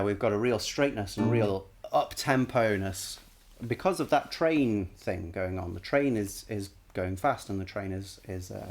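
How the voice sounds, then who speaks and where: A man analyzing a song on a live stream, casually singing short bits of melody to show the notes and often stopping to correct himself. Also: lowish voice.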